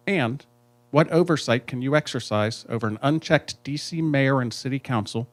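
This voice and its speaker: Panel moderator; mid-pitched man reading formal questions.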